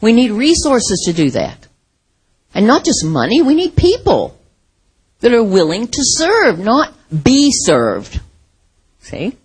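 A middle-aged American woman from the Midwest preaching a sermon in a conversational, animated way, often laughing and acting out quotes. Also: on the high side, slow pace, long pauses, husky, poor audio.

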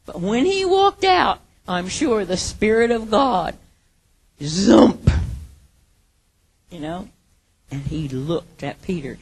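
A woman preaching a sermon, earnest, moving from hushed, quiet lines to emphatic ones. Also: mid-range voice, sing-song, slow, long pauses, slightly rough.

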